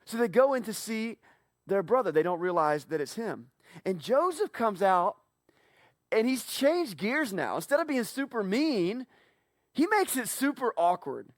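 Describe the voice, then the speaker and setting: A man preaching a casual sermon, retelling a Bible story playfully and acting out the characters in quick asides. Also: high-pitched, sing-song, no room sound, studio quality. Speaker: pastor. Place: church.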